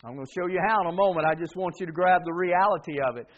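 Delivering a sermon very fast, this man has a high-pitched, narrow voice heard through tinny audio. He gets the congregation to call back his words and pounds on key words with emphatic repetition.

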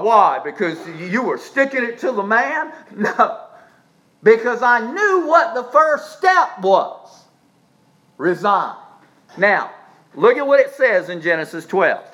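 A man preaching a sermon in a high, lively voice that leaps up and falls away. He drops to near-murmurs, then shouts key lines and stretches words out slowly for effect. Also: low-quality recording. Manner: preaching with dramatic swings, shouts and drawn-out emphasis. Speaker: pastor.

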